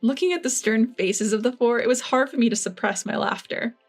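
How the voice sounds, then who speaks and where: A woman reading a first-person revenge story in an even, measured way. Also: a little high, faint music behind. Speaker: narrator.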